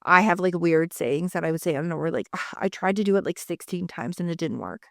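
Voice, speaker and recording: A woman's voice: on the low side, brisk, creaky, no echo, studio quality. A woman in her forties co-hosting a podcast, talking in a rambling, casual way with lots of fillers and the odd swear. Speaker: podcast co-host; mother. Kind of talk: casual chat.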